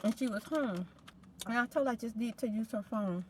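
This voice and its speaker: A woman's voice: a little high, a little fast, slight background noise. A middle-aged woman hosting a storytime, talking casually in a rambling, conversational way. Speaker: ASMR storytime host.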